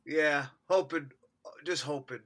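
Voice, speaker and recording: A man's voice: on the high side, slow pace, a bit bright. A man co-hosting a casual podcast, jokey and playful, slipping into silly voices. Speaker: podcast co-host. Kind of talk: casual comedy podcast banter.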